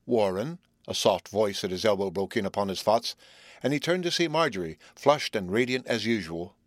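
A man reading a story aloud as narrator, in a measured, even way. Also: fairly low pitch, no echo, studio quality. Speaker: audiobook narrator. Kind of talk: scripted narration.

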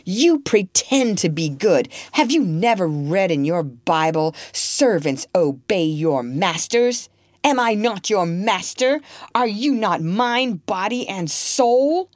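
Woman doing a raging cruel master, roaring loud, voice jumping all over, dry sound. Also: mid-range voice, lively intonation, extremely slow, hardly any pauses, no echo, pitched above the performer's own voice. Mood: furious. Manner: roaring, shouting. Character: cruel furious male plantation master.

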